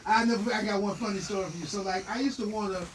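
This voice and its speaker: A man from the Southern US telling lively stories in a casual group interview, often laughing as he goes. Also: high voice, very fast, far from the mic, over a noisy crowd. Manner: animated, laughing storyteller. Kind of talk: casual storytelling.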